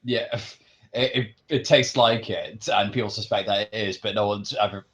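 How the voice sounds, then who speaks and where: A man's voice: lowish voice, fairly even intonation, normal speed, a bit bright, highs cut off. A man at a tabletop game, describing part of the setting while thinking aloud. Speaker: player and world builder. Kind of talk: casual tabletop chat.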